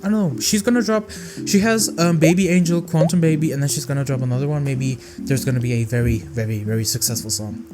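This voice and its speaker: A young man chatting casually through a song-by-song music review, rambling and expressive, with music playing behind him. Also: mid-range voice, quick pace.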